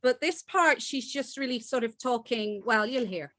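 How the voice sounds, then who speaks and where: A woman novelist chatting on a video call, excitable and self-deprecating. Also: fairly high pitch, normal speed, few pauses. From Ireland and Canada. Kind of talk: casual chat on a video call.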